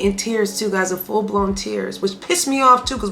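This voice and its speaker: A woman's voice: medium pitch, steady tone, moderate pace, hardly any pauses, fairly bright tone. A young woman in her twenties telling a personal story on her vlog, candid and emphatic, talking straight to her viewers. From Haitian family. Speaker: vlogger.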